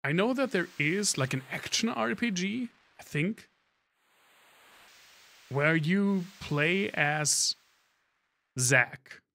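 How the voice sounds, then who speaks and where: Bright-voiced male streamer thinking aloud. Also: high voice, animated, slow pace, creaky, long pauses. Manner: thinking aloud, rambling with fillers and restarts. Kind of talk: live-stream gameplay commentary.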